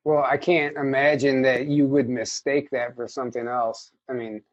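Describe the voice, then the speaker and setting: A man hosting a casual interview, relaxed and curious as he asks follow-up questions. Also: medium pitch, moderate pace, a little hiss or hum. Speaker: host. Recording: dull, dry lo-fi sound.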